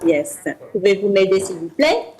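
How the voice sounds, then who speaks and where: A woman's voice: medium pitch, sing-song, normal speed, mellow, breathy edge, rough recording. French-accented woman teaching phrases. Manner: patient, demonstrative, repeats phrases for practice. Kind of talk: casual morning TV chat, teaching phrases.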